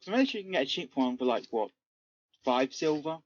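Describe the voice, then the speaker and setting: A man's voice: mid-range voice, animated, fairly quick, dry recording. A man playing a tabletop game, stating his actions in a terse, matter-of-fact way. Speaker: player. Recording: dull lo-fi call audio with faint music.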